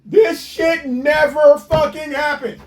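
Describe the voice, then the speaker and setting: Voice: high voice, fairly even intonation, slow pace, darkish tone. A commentator ranting in a mocking, profane, incredulous way while reacting to a clip.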